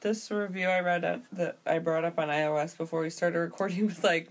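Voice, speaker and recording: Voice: mid-range voice, steady tone, a little fast. Offhand slangy podcast co-host. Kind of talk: casual chat.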